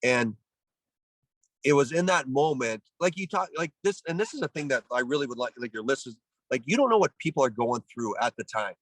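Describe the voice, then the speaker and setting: Man from Canada, 40s, animated interview storyteller, acts out voices, dry close recording. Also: medium pitch, brisk, no echo. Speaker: guest, former pro baseball player.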